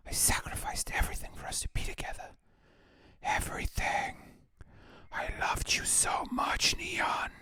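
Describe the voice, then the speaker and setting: A man's voice: measured pace, close to an everyday voice. A man reading a heartbroken young woman's lines from a game aloud as whispered role-play, pleading and blaming herself. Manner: pleading, self-reproaching, breaks into unvoiced whisper.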